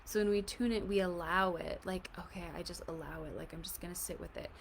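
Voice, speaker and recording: Gentle woman guiding a tapping session. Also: fairly low pitch, fairly even intonation, fast talker, vocal fry, a little hiss or hum. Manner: casual, fills speech with "like"; gentle and reassuring. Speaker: EFT tapping coach.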